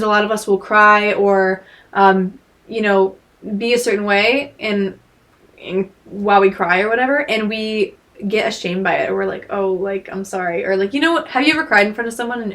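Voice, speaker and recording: A woman's voice: medium pitch, a bit bright. A woman speaking earnestly in a casual podcast conversation, often filling her speech with "like" and "you know".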